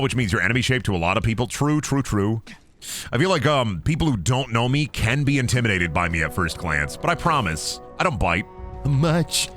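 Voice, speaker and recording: A man streaming a game, talking in goofy, excitable, profanity-heavy commentary. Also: mid-range voice. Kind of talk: casual gameplay commentary.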